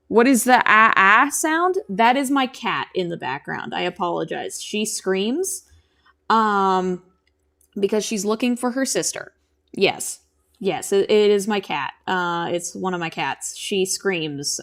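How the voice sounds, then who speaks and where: Chatty young woman with a gravelly voice. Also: medium pitch. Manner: chatty, rambling, answers chat while drawing. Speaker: streamer and animator. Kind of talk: casual live-stream chat. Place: at home.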